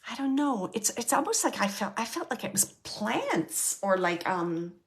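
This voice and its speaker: A woman hosting a show and giving a live mediumship reading, speaking earnestly in halting phrases with many fillers and restarts, often checking in with the person she reads for. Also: a little high, very animated.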